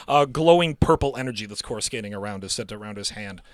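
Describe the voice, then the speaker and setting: A man's voice: mid-range voice, brisk, few pauses, no room sound. A man narrating a tabletop game as game master, vividly describing the action with spoken sound effects.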